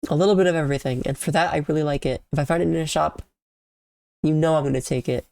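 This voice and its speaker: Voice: mid-range voice, fast talker, vocal fry, darkish tone, dry recording. A sick, congested and tired streamer giving casual, rambling commentary on a video game, often trailing off and restarting sentences.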